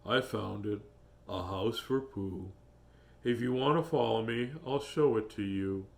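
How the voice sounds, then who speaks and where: Guy doing a glum low old donkey, dragging every word out, storybook voice. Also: vocal fry. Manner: slow, mournful drawl. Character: gloomy slow old male donkey.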